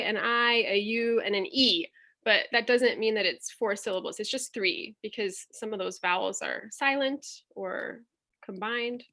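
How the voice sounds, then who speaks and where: A woman's voice: fairly high pitch, bright, forceful tone. A woman teaching on a video call, patiently explaining and sounding out vowels step by step. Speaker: teacher presenting a workshop. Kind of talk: online teaching demonstration. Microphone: computer mic on a video call.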